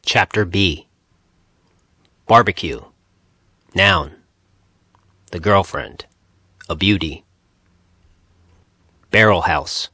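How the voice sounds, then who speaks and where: A man narrating an audiobook, reading dictionary entries in short, measured phrases. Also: low-pitched, bright, forceful tone, slightly rough, dry recording.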